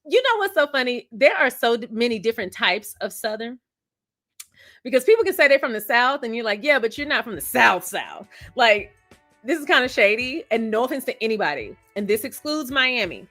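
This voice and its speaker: A woman's voice: fairly high pitch, big pitch swings, fairly quick, a bit bright, faint music behind. A woman hosting a live stream, chatting casually, laughing often and greeting viewers by name. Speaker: host of a live stream discussion. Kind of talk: casual live chat reading viewer comments.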